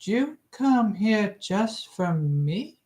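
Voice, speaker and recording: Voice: mid-range voice, big pitch swings, very slow, darkish tone, pitched above the performer's own voice. A hobby reader voicing a nervous craftsman shopkeeper who asks lifted, eager questions. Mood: uneasy.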